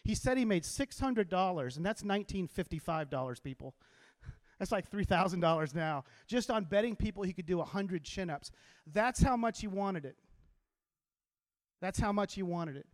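A man, a teacher, giving an animated motivational talk to a live audience and telling stories to get the crowd involved. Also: high-pitched, normal speed. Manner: animated storyteller who gets the crowd to repeat lines. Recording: long hall reverb.

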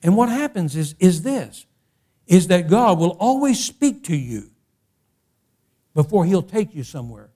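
A man pastor preaching a sermon, often repeating and restarting phrases and climbing to loud, impassioned peaks. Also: high-pitched, very animated, unhurried, pauses often.

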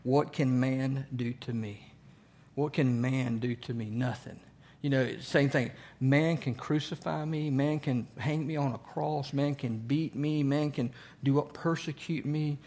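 A man's voice: mid-range voice, fairly even intonation, measured pace, darkish tone. A man teaching a church Bible study, asking the group questions and repeating key phrases.

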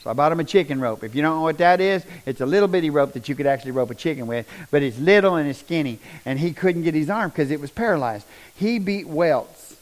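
A middle-aged man shares a testimony as a folksy storyteller. His voice sits slightly high for a man, and he swells into animated bursts of emphasis. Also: fast talker, few pauses, rough recording. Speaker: speaker sharing a personal testimony.

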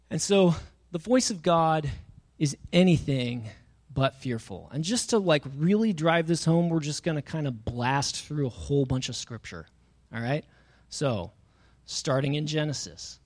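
A man's voice: medium pitch, expressive, normal speed, a little mellow. A young adult man preaching a sermon in a casual, conversational way, often using fillers and reading scripture passages aloud. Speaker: pastor.

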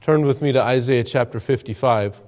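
A man with a mid-range, slightly mellow voice speaks at a normal pace, preaching an evening sermon in a church. He earnestly reads King James scripture aloud and then explains it.

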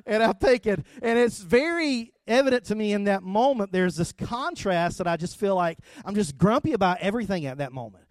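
A middle-aged pastor with a fairly high voice preaches in a chatty, storytelling way, often checking in with his listeners. The sound is close and dry, with no room echo. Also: moderate pace. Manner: conversational, storytelling, rising to loud animated retelling. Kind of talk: sermon.

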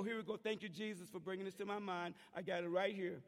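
A man's voice: high voice, fairly even intonation, fast, hardly any pauses. A middle-aged man preaching a fervent sermon in church, calling out to the congregation. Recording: long church reverb.

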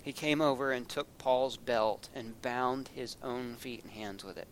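A man's voice: medium pitch, fairly even intonation, unhurried, slight background noise. A man preaching a sermon, folksy and storytelling, acting out scenes with a raised voice.

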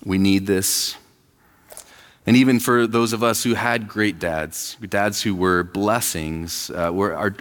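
A man's voice: on the low side, fairly even intonation, takes it slowly, a bit bright, long reverb tail. A man in his thirties, pastor of a church, preaching a conversational sermon and acting out quoted voices. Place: church sanctuary.

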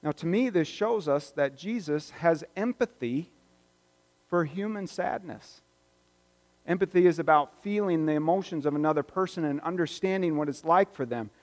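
A man preaching a sermon as pastor, conversational and reflective, moving between louder stretches and hushed ones. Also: on the high side, moderate pace. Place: church sanctuary. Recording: long reverb of a church hall.

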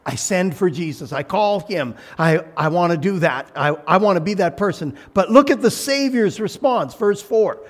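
A man preaching a sermon as pastor, animated, acting out voices and shouting for emphasis. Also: high voice, normal speed, hardly any pauses.

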